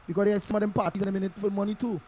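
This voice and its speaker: High-voiced Trinidadian man, impassioned commentary. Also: little pitch movement, rapid-fire, a little mellow, slight background noise. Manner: emphatic, repetitive, in local Creole phrasing. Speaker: political commentator.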